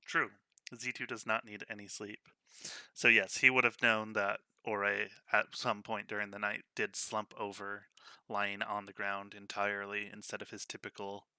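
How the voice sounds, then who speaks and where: A man narrating as game master of a tabletop role-playing game in a calm, measured way. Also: lowish voice, smooth, no echo.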